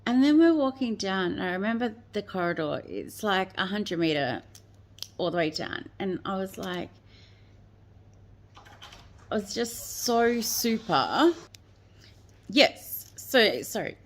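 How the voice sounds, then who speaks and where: A woman's voice: mid-range voice, expressive, slow pace, long pauses. A woman telling a personal story in a rambling way, with many fillers, often quoting what others said. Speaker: guest telling her story.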